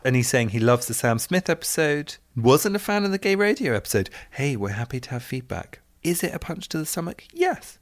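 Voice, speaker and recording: A man's voice: mid-range voice, sing-song, brisk, hardly any pauses, no room sound, studio quality. Playful man reading letters. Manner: playful, reads letters aloud with asides. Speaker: podcast co-host reading listener messages. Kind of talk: casual podcast chat.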